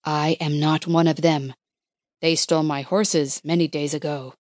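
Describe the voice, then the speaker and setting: Low quiet male tracker in an audiobook, calm and firm, slow speech, read by a woman narrator. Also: no echo, clean studio sound. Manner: low, soft, quiet commands.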